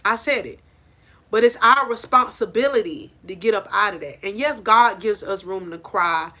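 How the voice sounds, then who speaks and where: Emphatic, bright-voiced woman coach. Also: medium pitch, normal speed. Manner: preachy, emphatic, repeats "I said it". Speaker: life coach. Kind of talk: motivational talk to camera. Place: on a porch outdoors. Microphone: phone held in hand.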